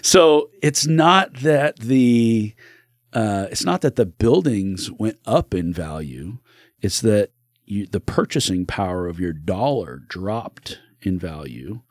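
A man's voice: lowish voice, animated, takes it slowly, no room sound, studio quality. A man who is a real estate broker and podcast guest, talking in an earnest, rambling way with restarts. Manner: earnest, rambling with restarts, acts out quoted voices. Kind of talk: casual interview talk.

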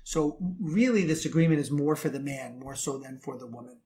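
A man's voice: mid-range voice, fairly quick, warm tone. A man giving earnest relationship advice to other men, preachy and repeating phrases for emphasis. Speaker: relationship coach.

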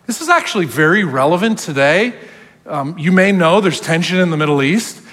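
A male pastor delivers a sermon with a high, lively voice that swings up and down as he preaches. He acts out the voices he quotes along the way. His voice carries a long reverb from a large church hall. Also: a little fast.

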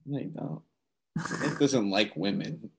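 A man's voice: on the low side, measured pace, vocal fry, a bit bright. A man co-hosting a casual podcast, joking crudely and swearing often. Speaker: podcast co-host. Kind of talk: casual chat.

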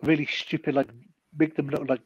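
A man's voice: a little high, flat delivery, fairly quick, breathy edge, dry recording, dull audio. Dry-sounding man, rambling. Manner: rambling, opinionated fan talk. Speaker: podcast co-host. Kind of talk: casual chat.

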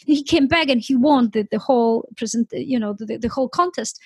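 Female interview host, high voice, dry close sound, animated storyteller. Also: fast, few pauses, breathy edge, no room sound. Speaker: podcast host. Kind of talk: casual interview chat.

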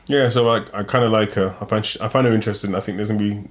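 A man from England chatting casually about a TV show, rambling and restarting his sentences, quick to joke. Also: on the low side, steady tone. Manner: rambling, restarts often, jokey. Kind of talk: casual chat reviewing a TV show.

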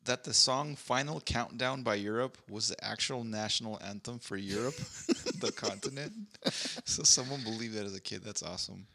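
A man's voice: lowish voice, normal speed, creaky, sharp tone. A man co-hosting a podcast in casual chat, reading out forum questions and answers with short agreeing replies. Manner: reads listener posts aloud, short agreeing replies.

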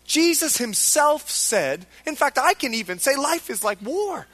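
A man's voice: very high-pitched, very animated, unhurried, pushed and bright. A male pastor preaching a sermon with emphatic delivery, acting out biblical figures in quoted lines.

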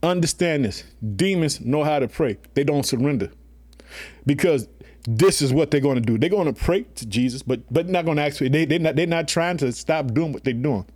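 Emphatic preacher man, fairly high voice. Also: brisk, darkish tone. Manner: emphatic, repeats "guess what" and "let me tell you something"; colloquial, calls listeners family. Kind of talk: sermon.

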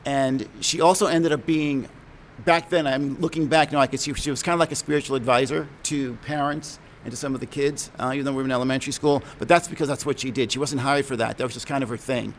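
A middle-aged man with a gravelly, creaky voice at an ordinary pitch, recalling his childhood. He talks in a reflective, halting way and often stops to correct himself. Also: steady tone, a little hiss or hum. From New York, USA. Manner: conversational, halting, self-correcting. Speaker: speaker sharing a personal story. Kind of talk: reflective personal storytelling.

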